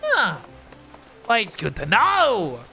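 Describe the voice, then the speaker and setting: A man's voice: sits high, huge pitch swings, slow, gravelly, bright, forceful tone. An Australian man streaming a game, chatty and giggly, rambling as he plays. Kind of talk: casual gaming commentary. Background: game music.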